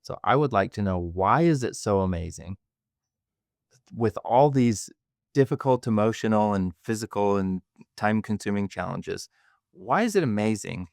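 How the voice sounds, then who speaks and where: Low-voiced thoughtful male podcast host. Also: expressive, creaky, a little mellow, dry recording, studio quality. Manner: thoughtful, measured, with hesitations. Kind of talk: reflective conversation.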